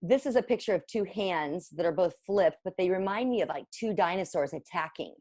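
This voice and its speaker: A woman's voice: fairly low pitch, animated, a little fast, darkish tone, breathy edge, no echo, studio quality. A woman in her forties, a parent coach, giving an earnest, encouraging workshop presentation with slides. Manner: earnest, encouraging, repeats for emphasis.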